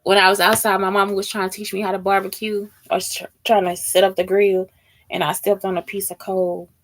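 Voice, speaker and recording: A woman's voice: medium pitch, little pitch movement, brisk. A woman hosting a casual chat, answering question prompts bluntly and with lots of swearing, talking straight to her listeners. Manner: blunt and heavily profane; talks straight to listeners as "y'all".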